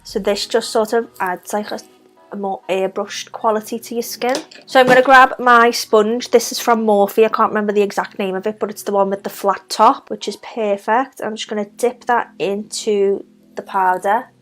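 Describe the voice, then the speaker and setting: A young woman with a broad Scouse accent narrates her makeup routine in a casual, chatty way, naming each product and brush as she goes. She drops in little self-deprecating asides. Faint music plays quietly underneath her mid-pitched voice. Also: steady tone, normal speed. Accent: Scouse (Liverpool). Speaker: makeup vlogger.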